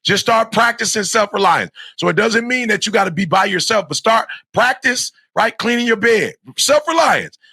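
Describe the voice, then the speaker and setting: Gravelly, bright-voiced preacher man. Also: high-pitched, lively intonation, normal speed, few pauses, no room sound, studio quality. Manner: emphatic and repetitive, preacher-like. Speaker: motivational speaker. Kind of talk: motivational talk to young students.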